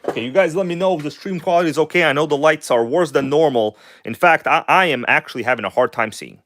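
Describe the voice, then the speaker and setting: A man's voice: fairly high pitch, fast, no echo. Chatty man hosting a hobby livestream. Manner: chatty, swings between animated showman tone and mumbled asides. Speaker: livestream host. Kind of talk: casual livestream chat while working on a model engine.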